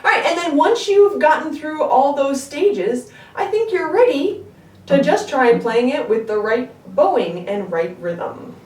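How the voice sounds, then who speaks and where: A woman's voice: high voice, very animated, a little slow, a little mellow. Patient woman teaching, echoey room. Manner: patient, stops often to check in with the learner. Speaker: string teacher. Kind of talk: instructional music lesson. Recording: echoey room, distant mic. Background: her own instrument playing between phrases.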